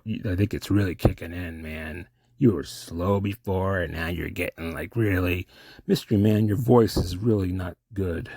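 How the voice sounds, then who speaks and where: A man voicing a slow, eerie film mystery man, drawing out his words with a low, husky, gravelly voice. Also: darkish tone, dry recording, exaggerated voice. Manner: slow and deliberate.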